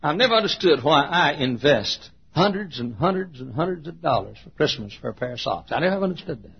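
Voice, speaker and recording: A man's voice: a little high, animated, fast talker, creaky, breathy edge. A man preaching a sermon in a folksy, emphatic storytelling manner. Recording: dull lo-fi sermon recording.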